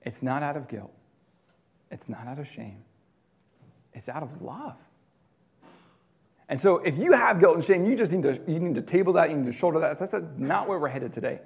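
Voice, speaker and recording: A man preaching a sermon in a conversational way, swinging between loud emphatic lines and quiet, dropped ones. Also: a little high, expressive, moderate pace, creaky, pauses often. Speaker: pastor.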